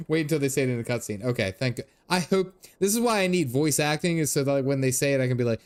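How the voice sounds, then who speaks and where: A man in his thirties streams a game, giving casual commentary full of laughs, dad jokes and game lines read aloud. His medium-pitched voice is lively in intonation and fairly quick.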